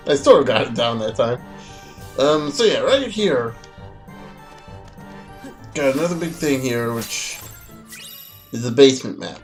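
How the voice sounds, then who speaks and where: A man's voice: medium pitch, animated, measured pace, long pauses, soft background music. A man giving casual, rambling, joking commentary over a video game. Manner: rambling, joking, many fillers. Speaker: let's play gamer.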